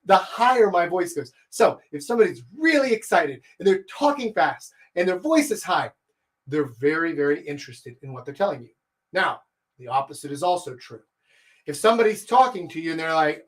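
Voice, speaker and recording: A man giving a livestreamed coaching lecture, talking straight to his viewers with rhetorical questions and playing with his pitch and speed to demonstrate his points. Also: animated, normal speed. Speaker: dating coach.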